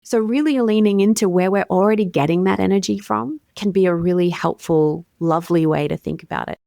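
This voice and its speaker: An Australian woman explains communication ideas in an easygoing, articulate podcast chat. Her voice sits low with a gravelly edge of fry. The sound is close and dry, with no room around it. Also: fairly quick, no echo. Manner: articulate, warm, explanatory with everyday fillers. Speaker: communications coach, guest. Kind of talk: conversational podcast interview.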